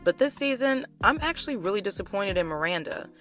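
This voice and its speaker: A woman's voice: medium pitch, lively intonation, a little fast, over loud music. Chatty, sarcastic woman recapping a show. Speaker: commentary vlogger. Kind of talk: casual recap commentary.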